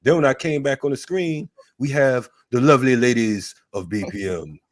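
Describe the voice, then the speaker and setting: A man's voice: medium pitch, moderate pace. Laughing, joking man hosting a show. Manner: joking, laughing, loose street slang. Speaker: host. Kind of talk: casual chat on a video call show. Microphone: video call.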